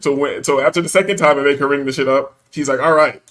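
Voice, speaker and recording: A man's voice: medium pitch, steady tone, fast, a bit bright. A man telling a story in casual chat, acting out the quotes and laughing often, with profane slangy banter.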